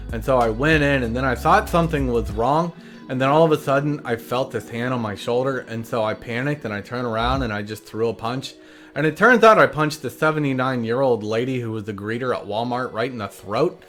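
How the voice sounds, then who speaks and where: Deadpan rambling comedic recap guy. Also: medium pitch, a little fast, soft background music. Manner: deadpan, meandering storytelling with asides.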